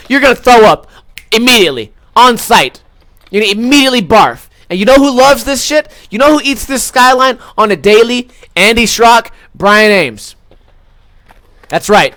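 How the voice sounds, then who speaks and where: A young Las Vegas man hosts a podcast with an extremely high, expressive voice at normal speed, a bit bright and with no room sound. He rants comically about food, profane and exaggerated, stuffing his talk with fillers.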